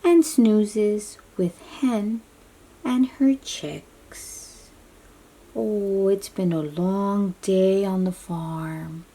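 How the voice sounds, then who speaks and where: Reading aloud from a picture book for small children, a woman speaks gently at medium pitch, drawing out her words. She frequently softens to a whisper and pauses to ask them questions.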